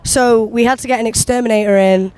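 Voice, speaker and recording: Downbeat interviewee, smooth, resonant voice, complaining. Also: medium pitch, steady tone, a little fast, a little mellow. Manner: glum, complaining. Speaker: interviewee, hotel guest. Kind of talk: casual chat. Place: outdoors in a city park.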